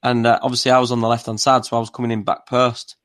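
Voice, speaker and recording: In a casual podcast chat, a male co-host who is not from Newcastle rambles through stories packed with fillers. He talks fast in a level, mid-range voice with a fairly bright tone.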